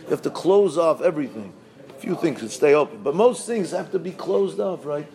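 A male rabbi delivers a lively sermon, his pitch swinging widely as he tells stories and chants repeated verses. His voice sits a bit high and carries a steady gravelly fry. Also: fairly quick, poor audio.

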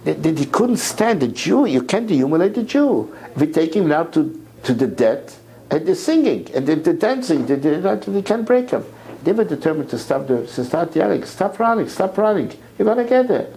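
A man giving an impassioned sermon lecture, repeating words as his voice climbs to near shouts. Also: fairly high pitch, very animated, moderate pace, gravelly, low-quality recording. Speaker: rabbi lecturer.

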